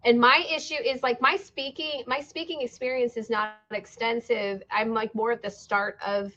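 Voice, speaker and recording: A woman with a somewhat high voice speaks earnestly as a podcast host, reflecting openly in a relaxed conversation. The recording sounds a little dull and muffled. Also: normal speed. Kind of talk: casual conversation.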